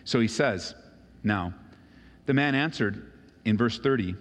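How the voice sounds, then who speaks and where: A male pastor preaching a sermon, animated and acting out the voices of Bible figures. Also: lowish voice, measured pace. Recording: long reverb of a large hall.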